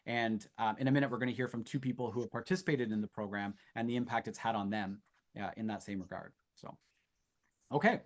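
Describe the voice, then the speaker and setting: A man's voice: on the low side, fairly even intonation, fast. A man in his thirties presenting an online info session in a chatty, storytelling way with asides, heard over a video call. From Canada. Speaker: youth exchange presenter.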